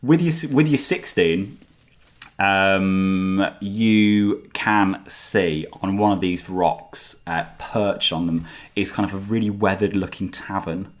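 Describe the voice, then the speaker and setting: A man's voice: low-pitched, slow pace. A man running a tabletop game as game master, describing scenes in a loose, rambling way with many fillers.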